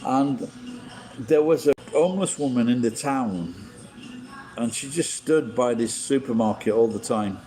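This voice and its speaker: Mellow-voiced man, swearing freely. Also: medium pitch, measured pace, soft background music, low-quality recording. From England. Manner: heavy swearing, blunt and opinionated. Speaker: livestream host. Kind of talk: rambling casual livestream chat.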